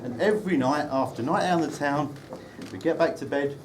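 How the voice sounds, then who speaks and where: A man's voice: fairly high pitch, brisk. A man giving a humorous wedding speech about the groom, teasing him with dry, well-timed anecdotes at a reception. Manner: dry, teasing storytelling with comic timing. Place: wedding reception room, indoors. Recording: distant mic with loud room noise.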